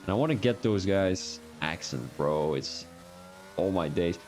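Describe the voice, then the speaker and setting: A man's voice: low voice, expressive, measured pace, a little mellow, slight background noise. A man with a Belgian accent giving rambling, joking, self-mocking commentary on a live-streamed sim racing league.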